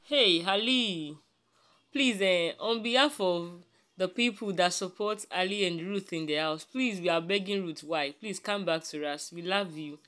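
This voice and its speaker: A gossip vlog host chats straight to viewers, quick to laugh and appeal to them. The tone is bright and forceful. The pitch sits in the middle.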